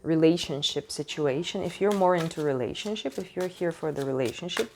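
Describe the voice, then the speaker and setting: A woman with a somewhat low voice gives a casual tarot reading at home. English is not her first language, and she searches for words as she talks. She speaks frankly into a desk microphone, swears freely and laughs often. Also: a little fast, noisy background. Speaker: tarot reader. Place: home in Switzerland.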